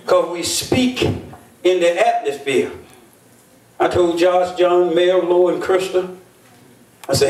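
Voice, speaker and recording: An older man preaching as a bishop and pastor speaks slowly with a high, darkish voice, pausing often. His sermon is full of folksy stories, and he calls for responses from his congregation. The recording is echoey and captured from a distance in a church.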